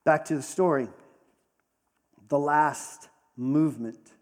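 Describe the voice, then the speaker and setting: A man preaching in a slightly high voice, telling the story conversationally and leaning into dramatic pauses. His voice carries a long reverb, as if he is speaking in a large hall. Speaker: pastor. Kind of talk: sermon.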